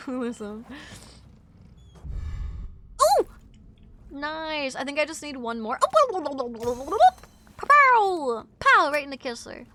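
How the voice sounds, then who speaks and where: A young woman from Wisconsin chatting on a live gaming stream, sick and sleepy, scattered and chatty with sudden loud outbursts. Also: high voice, slight background noise. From Wisconsin, USA. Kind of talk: casual live-stream chat while gaming.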